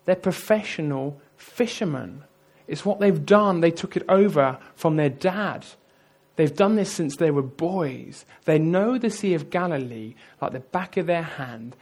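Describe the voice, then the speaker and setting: Male preacher, fairly high voice, lively storyteller who talks straight to the room. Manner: lively storytelling, addresses the audience directly. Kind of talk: sermon.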